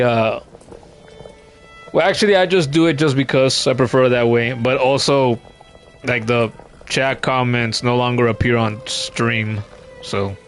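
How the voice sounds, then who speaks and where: A man's voice: mid-range voice, fairly bright tone. A man streaming a video game, chatting casually with frequent stammers and restarts. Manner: rambling, stammering restarts, swears. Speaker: gameplay streamer. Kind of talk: casual let's-play commentary.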